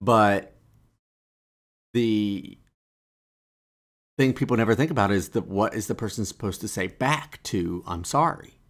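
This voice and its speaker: A man co-hosting a podcast in casual chat, laid-back, sliding into low deadpan quotes. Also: measured pace, pauses often. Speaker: podcast co-host.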